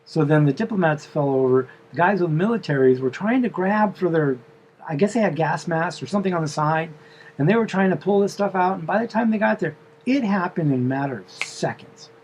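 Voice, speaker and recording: Man casually recounting a dream, higher voice. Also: lively intonation, brisk, a little mellow, slight background noise, poor audio. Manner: meandering, full of fillers and asides. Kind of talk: casual storytelling.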